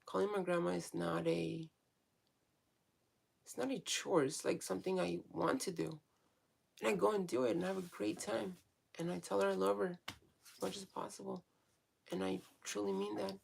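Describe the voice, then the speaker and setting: A woman's voice: mid-range voice, fairly even intonation, moderate pace, gravelly, long pauses, a little mellow, a little hiss or hum. A woman vlogger talking frankly in a casual, rambling monologue, swearing freely and restarting often.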